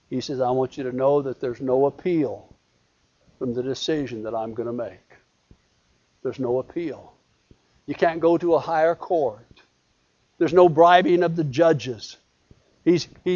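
A man preaching a sermon, swinging from loud emphatic lines to hushed quotations, with repeated cadences. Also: fairly high pitch. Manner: repetitive cadence. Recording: dull lo-fi recording.

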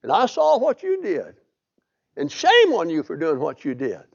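A stern prophet scolds in a gravelly, fairly high voice, as a preacher takes him on. The recording is dull and lo-fi. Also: male voice, wildly swooping pitch, moderate pace, exaggerated voice. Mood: scolding. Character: stern older male prophet.

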